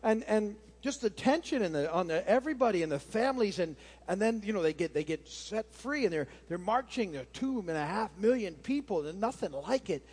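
A man with a fairly high voice reads a Bible passage in earnest. He then teaches from it in a relaxed, rambling style, full of fillers and restarts. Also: a little fast, breathy edge. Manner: earnest reading, then loose and conversational with many fillers. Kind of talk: scripture reading then informal teaching.

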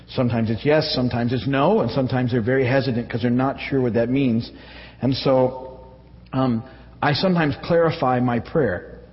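A man preaching a conversational sermon to his church, halting often with fillers and restarts. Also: mid-range voice. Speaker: pastor. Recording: echoey hall, dull audio.

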